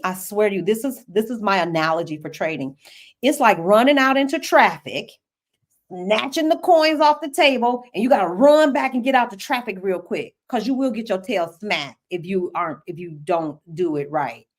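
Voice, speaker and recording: Animated middle-aged woman chatting live. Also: mid-range voice. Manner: animated and chatty, laughs often, talks straight to the audience. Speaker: host answering viewer questions. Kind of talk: live-stream Q&A, casual chat.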